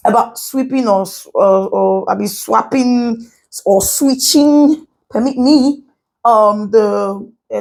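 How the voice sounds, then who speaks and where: Animated Nigerian woman lawyer. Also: fairly high pitch. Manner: animated, rhetorical questions, repeats phrases for emphasis. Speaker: lawyer and political commentator. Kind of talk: casual commentary vlog to followers.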